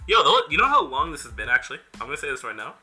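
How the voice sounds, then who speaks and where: A young man co-hosting a podcast in casual chat, joking and animated, often trailing off softly. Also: mid-range voice, very fast, soft background music. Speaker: podcast co-host.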